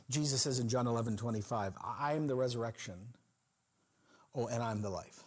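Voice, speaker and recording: Husky-voiced man preaching a sermon. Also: brisk. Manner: expressive preaching, acting out quoted voices with sudden swings in pitch and volume. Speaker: pastor.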